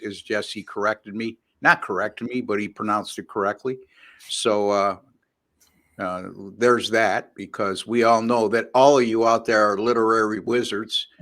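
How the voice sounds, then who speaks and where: A man's voice: medium pitch, fairly bright tone. Wry, chatty male podcast host. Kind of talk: casual sports podcast chat.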